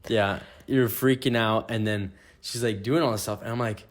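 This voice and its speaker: Lively young man retelling a proposal. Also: on the low side, moderate pace. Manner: animated storytelling with acted quotes. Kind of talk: casual chat.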